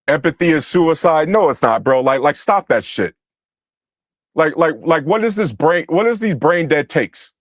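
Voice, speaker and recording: A man's voice: fairly high pitch, lively intonation, a little slow, no echo, studio quality. A man from the United States hosting a livestream, ranting angrily and profanely at his chat and berating commenters. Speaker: livestream host. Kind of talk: angry livestream rant at chat.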